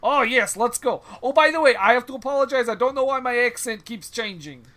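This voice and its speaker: A man playing a sly male cousin speaking with a put-on, wavering Serbian accent, halting and slow. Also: very high-pitched, expressive, pushed and bright, heavily acted. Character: shifty male cousin with a wandering fake accent.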